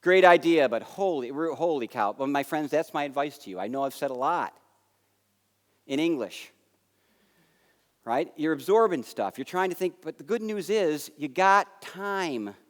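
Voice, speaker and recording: An American man giving a conference keynote, telling a story with lively acted-out dialogue that swings between loud and soft. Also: on the high side, measured pace. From United States. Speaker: keynote speaker. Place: large conference hall. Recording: long hall reverb.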